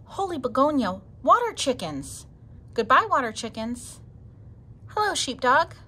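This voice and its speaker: A woman's voice: high-pitched, sing-song, measured pace, sharp tone, slightly rough, voice pushed up, heavily acted. A woman voicing a dramatic, fussy female sheep in a read-aloud storybook, with a bouncy, exclaiming delivery.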